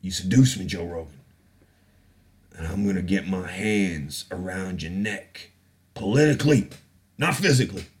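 A man's voice: sits low, normal speed, pauses often, natural voice. A man putting on a blustering, threatening male conspiracy broadcaster with a bombastic, theatrical, menacing delivery.

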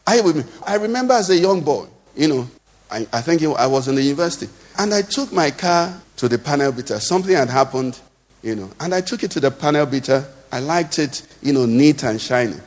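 Nigerian preacher with singsong cadence. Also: male voice, on the high side, expressive, a little fast. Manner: rhetorical questions to the congregation, sing-song cadence. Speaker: pastor. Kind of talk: sermon. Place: church hall. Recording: long hall reverb.

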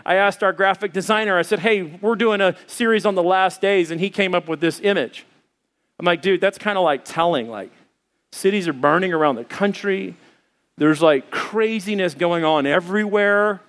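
A man in his thirties preaching a sermon as pastor, telling stories with lively voices for the people in them. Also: high-pitched, normal speed. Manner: animated storytelling, acts out voices of others. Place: church auditorium with audience.

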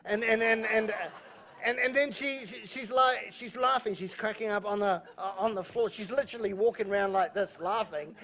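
A man's voice: high voice, moderate pace, a bit bright. A male pastor preaching a sermon in church, repeating key phrases with emphasis and telling jokey stories. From New Zealand. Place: church auditorium.

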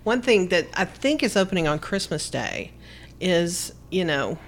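A woman co-hosting a casual movie chat, reviewing films in a lively, upbeat way. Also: fairly low pitch, measured pace, a little hiss or hum. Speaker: movie talk co-host.

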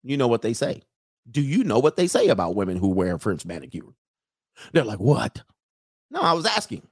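A man's voice: fairly low pitch, very animated, moderate pace, darkish tone, husky, dry recording, studio quality. A man hosting a casual livestream, reading viewer messages, joking, laughing often and mimicking people.

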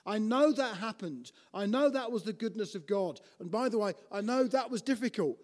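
A man preaching a teaching sermon in an animated way, often restarting and putting questions to his listeners. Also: high-pitched, normal speed, big-room sound.

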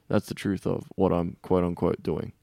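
A man, hosting a podcast in casual chat, telling stories quickly and swearing freely. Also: low voice, little pitch movement, creaky, mellow, no room sound, studio quality. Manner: fast, swearing, storytelling. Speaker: podcast host.

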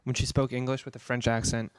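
A man co-hosting a casual podcast chat, candid and quick to laugh, often trailing off mid-thought. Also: medium pitch, flat delivery, clean tone, dry recording. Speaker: podcast co-host.

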